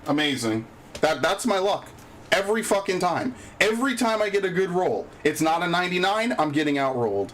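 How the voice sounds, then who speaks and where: A man streams a video game live, chatting casually and cursing a lot as the game annoys him. His voice sits high, with lively intonation and a brisk, fairly bright tone. There's a little hiss or hum in the audio.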